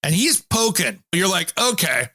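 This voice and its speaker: A man's voice: fairly high pitch, normal speed, creaky, no echo. A man hosting a home improvement show, telling stories in a casual chat and acting out the people he quotes. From Pacific Northwest, US. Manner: animated storyteller, acts out quotes.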